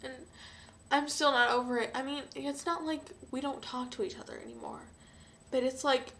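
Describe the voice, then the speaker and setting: A young woman talking hesitantly and emotionally to camera, with frequent sighs and pauses. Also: high-pitched, fairly even intonation, a bit bright, slight background noise. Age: young adult. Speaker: vlogger. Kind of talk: personal confessional vlog.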